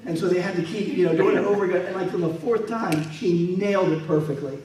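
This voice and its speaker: A man with a fairly high, mellow voice tells behind-the-scenes stories to an audience and slips into the voices of the people he quotes. He is heard from a distance in a very echoey room, with faint noise underneath. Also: quick pace. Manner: storytelling, acts out quoted people. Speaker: guest speaker and military historian. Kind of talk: anecdotal presentation with slides. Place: museum event space.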